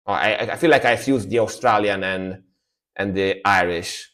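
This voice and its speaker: A man chatting casually on a music reaction live stream, laid-back and rambling, often trailing off quietly. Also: on the low side, normal speed.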